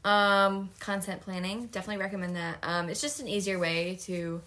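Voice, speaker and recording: A woman's voice: medium pitch, fairly even intonation, fairly quick, sharp tone. A young woman co-hosting a podcast in casual chat, rambling with lots of fillers and giggles. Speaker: podcast co-host.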